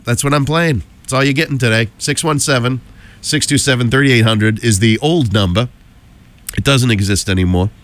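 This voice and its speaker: A male radio DJ with a hoarse, froggy voice from a cold, talking on air from a studio mic. He rambles in a loose, chatty way and drops jokey asides. His voice sits at an ordinary middle pitch. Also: moderate pace. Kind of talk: casual on-air chat.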